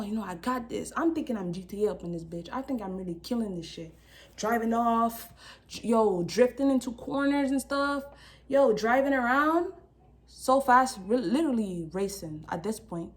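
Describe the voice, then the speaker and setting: A young woman telling a casual storytime vlog, animated and full of slang, acting out quotes with laughs. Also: a little high, moderate pace. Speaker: vlogger.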